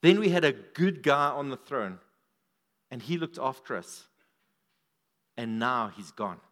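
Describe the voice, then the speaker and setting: A man preaching a sermon at a church service, animated, his voice swinging up and down for emphasis. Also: a little slow. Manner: animated, rises and drops in pitch and volume for emphasis.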